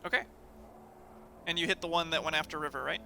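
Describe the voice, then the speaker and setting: A man narrating as dungeon master in a tabletop game over voice chat, relaxed and full of fillers. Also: fairly high pitch, fast, gravelly, faint music behind.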